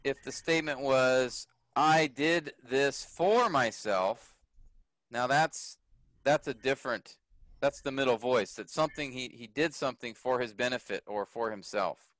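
A man's voice: mid-range voice, normal speed, fairly bright tone, dry recording, rough recording. A man teaching a class, explaining grammar patiently and often checking whether his students follow.

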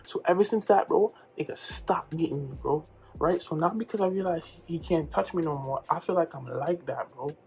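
A young man from New York telling a comedic storytime in slangy, animated speech with loud outbursts. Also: a little high, normal speed. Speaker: vlogger.

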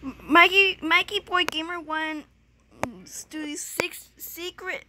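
A woman gamer chatting casually while playing, excitable and giggly, often squealing. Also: extremely high pitch, slow pace, background noise. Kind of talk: casual gameplay chat.

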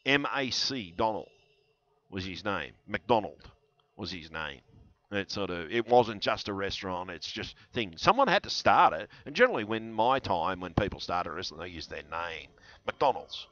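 Man, deep voice, rambling vlog talk, conspiratorial, dull headset sound. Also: very animated, normal speed, fairly bright tone. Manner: rambling, conspiratorial, full of fillers and restarts. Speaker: channel host. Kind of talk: rambling vlog monologue answering comments.

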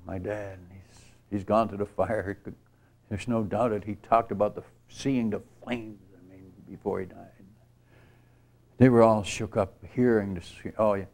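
A man's voice: medium pitch, a little mellow. An older man giving a storytelling sermon at a church retreat, earnest and rambling, with many restarts. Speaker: missionary speaker. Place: church retreat camp gathering.

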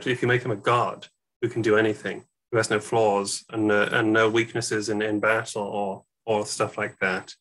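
A man with a fairly low but bright, forceful voice talks casually as a podcast guest about a strategy game. He often hesitates, filling pauses and restarting his sentences as he thinks. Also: poor audio. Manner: chatty, hesitant fillers. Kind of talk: casual discussion while playing.

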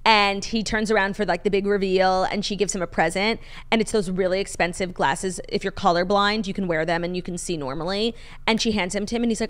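A woman's voice: medium pitch, steady tone, brisk. Young woman podcast host, gushy and sweary, lots of likes and ums. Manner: gushing, swears freely, full of fillers. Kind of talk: casual chat.

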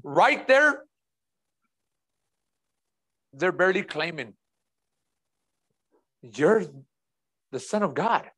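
A man's voice: high voice, big pitch swings, extremely slow, long pauses, fairly bright tone. A man preaching a sermon as pastor, emphatic and repeating key phrases while speaking straight to the congregation.

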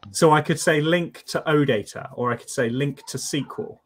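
A British man chatting on a video call, explaining ideas step by step with a slightly husky voice. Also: a little high, moderate pace. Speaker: guest developer. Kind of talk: casual chat on a video call.

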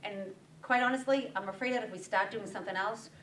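Quick-talking woman telling stories. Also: mid-range voice, slight background noise. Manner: animated, acts out quoted dialogue. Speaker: bakery owner and guest speaker. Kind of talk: storytelling talk with audience questions. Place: meeting room at a breakfast event. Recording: roomy sound from a distance.

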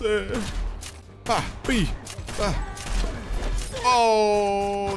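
A man's voice: mid-range voice, very animated, slow pace, pauses often. A man giving playful live commentary while playing a video game, chanting gunshot sounds as he goes. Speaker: let's play gamer. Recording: game music playing underneath. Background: video game music.

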